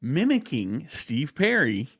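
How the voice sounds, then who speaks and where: A man's voice: fairly high pitch, huge pitch swings, takes it slowly, fairly bright tone, slightly rough. A man hosting a casual comedic podcast, joking around and slipping into impressions. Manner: playful, jokey, doing impressions. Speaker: podcast host.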